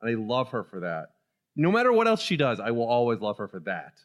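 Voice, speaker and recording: A man's voice: medium pitch, huge pitch swings, fast talker. A man co-hosting a casual political podcast, talking animatedly and laughing often. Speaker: podcast co-host.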